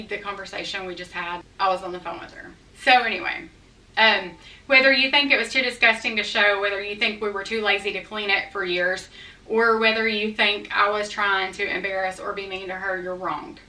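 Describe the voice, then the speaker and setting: A middle-aged woman talks straight to her viewers, blunt and a little defensive, in a folksy manner. Her voice is bright and forceful. It rings in a roomy echo, as if she stands back from the mic. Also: mid-range voice, steady tone, moderate pace, distant mic. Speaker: vlogger addressing viewer comments. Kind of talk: candid talk to camera. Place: her house, indoors.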